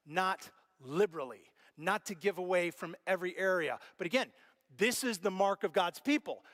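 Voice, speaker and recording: High-voiced animated preacher man. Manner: animated storyteller, acts out his own reactions. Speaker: pastor. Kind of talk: sermon.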